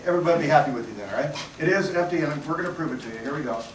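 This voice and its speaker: A man's voice: a little high, racing. A man performing comedy magic on stage, teasing a volunteer and joking with the audience. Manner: joking, teasing, self-deprecating. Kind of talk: live stage magic patter with audience banter. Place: large hall with live audience. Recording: echoey hall recorded from far off, loud noise.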